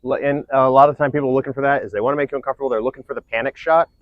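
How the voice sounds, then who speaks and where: A man's voice: mid-range voice, steady tone, rapid-fire, no room sound. A man teaching combat analysis, explaining step by step and often checking in with "right?". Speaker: combat instructor. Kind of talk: teaching discussion. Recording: dull lo-fi recording.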